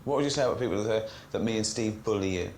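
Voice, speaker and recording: A man's voice: lowish voice, rapid-fire, a little mellow, roomy sound, slight background noise. A man teasing playfully while hosting a casual comedy chat. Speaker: comedy commentary host.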